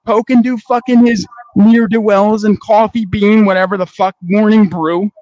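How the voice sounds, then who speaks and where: A man with a strikingly high voice, angry and profane, lecturing someone in a heated on-air argument. The sound is dry and close, with no room around it. He keeps telling the other man to grow up. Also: fairly even intonation, normal speed, darkish tone, dry recording, dull audio. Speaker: network owner.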